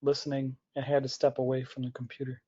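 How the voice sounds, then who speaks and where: A man's voice: mid-range voice, completely flat delivery, fast talker, warm tone, husky. A man calling in to ask a polite question on a video call. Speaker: caller. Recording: muffled call audio.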